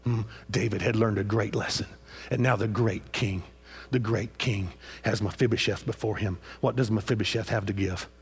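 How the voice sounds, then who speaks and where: A man's voice: on the low side, fairly even intonation, moderate pace, husky. A man preaching a sermon with passion, repeating phrases and prodding his listeners with "huh?" after each point.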